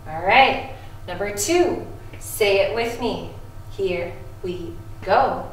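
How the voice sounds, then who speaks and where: A woman music teacher leading a lesson for second graders, calmly encouraging them and chanting rhythm syllables. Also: medium pitch, slow pace. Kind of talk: video music lesson for children. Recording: echoey room, voice from a distance.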